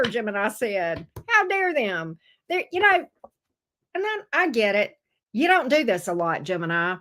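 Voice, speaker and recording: A woman giving a casual tarot reading to camera, expressive and swearing freely as she acts out the viewer's voice. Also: mid-range voice, a little slow. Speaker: tarot reader.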